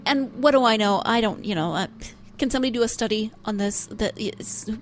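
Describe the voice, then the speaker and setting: A woman's voice: fairly high pitch, brisk, a little hiss or hum. A woman hosting a solo book podcast in a chatty, self-deprecating way, laughing now and then. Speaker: podcast host. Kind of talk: casual solo podcast talk.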